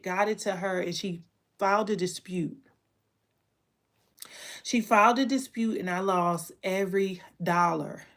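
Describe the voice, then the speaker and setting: With a lowish voice, this woman, who crafts candles and teaches online, recounts her own story to the camera emotionally and openly, repeating herself often.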